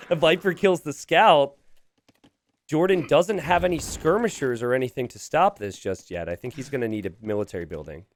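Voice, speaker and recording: A man's voice: mid-range voice, a little hiss or hum. A man casting a strategy game, joking with his co-caster and laughing often. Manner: animated, joking, quick to laugh. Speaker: esports caster. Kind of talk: live game commentary with banter.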